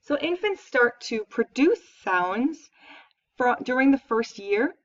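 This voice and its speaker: Higher-pitched woman lecturing, from a distance. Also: animated, takes it slowly. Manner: explanatory, conversational, with fillers. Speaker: professor. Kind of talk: recorded lecture. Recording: dull, distant lecture recording.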